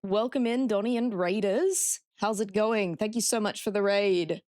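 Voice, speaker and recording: A woman's voice: medium pitch, normal speed, darkish tone, no echo, studio quality. An Australian woman streaming a horror game, chatting with her viewers and swearing freely. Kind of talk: casual live-stream gameplay commentary.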